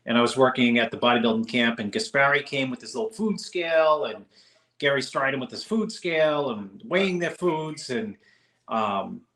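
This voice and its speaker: A man's voice: medium pitch, lively intonation, moderate pace, a bit bright, echoey room. A man co-hosting a podcast, telling stories in casual chat with many restarts and fillers. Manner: rambling, with frequent restarts and fillers. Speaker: podcast co-host.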